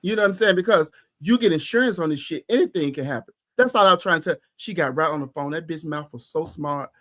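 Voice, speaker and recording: Man, high voice, heated profane rant, podcast co-host, repeats for emphasis. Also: lively intonation, fast, a bit bright. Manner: emphatic repetition. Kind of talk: casual chat.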